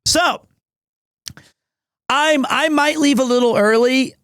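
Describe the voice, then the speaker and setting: A man live-streaming from home, chatting casually with his viewers in a rambling, excitable, self-deprecating way. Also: very high-pitched, slow, smooth, no room sound, studio quality.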